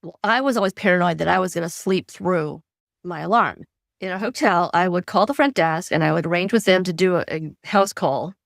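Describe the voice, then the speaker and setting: Animated woman telling stories, dry sound. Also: fairly low pitch, fairly quick, vocal fry, no room sound. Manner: animated, acts out quoted dialogue. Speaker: guest author. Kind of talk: conversational storytelling.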